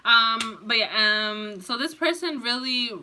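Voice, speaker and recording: Woman tarot reader, loose and profane, laughs easily; bright, slightly high voice. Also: unhurried, slight background noise. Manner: rambling, profane, laughs often. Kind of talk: casual pick-a-card tarot reading.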